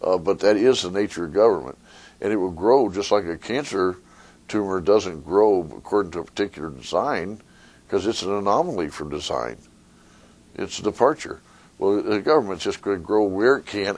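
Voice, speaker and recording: A man, an attorney, giving a conversational talk to a live audience, sometimes acting out a fable with lively voices. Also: low-pitched, moderate pace. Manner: conversational, retells a fable with rising animated voices. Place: meeting room with an audience.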